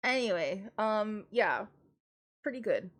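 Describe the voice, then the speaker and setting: A woman's voice: mid-range voice, animated, slow pace. A woman casually reviewing books on a live stream, chatty and rambling, with frequent laughs and restarts. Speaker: book streamer.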